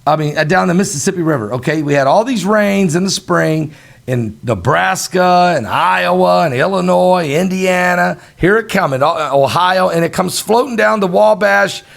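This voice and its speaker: A man's voice: sits high, normal speed, gravelly, a bit bright. A man hosting a talk show, chatting in an earnest, folksy, rambling way. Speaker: host. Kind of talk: casual talk-show chat.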